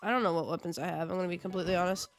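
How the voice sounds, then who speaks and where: A woman's voice: fairly low pitch, steady tone, rapid-fire, background noise. A young woman streaming a video game, chatting casually and telling a rambling, giggly story. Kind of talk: casual live-stream chat.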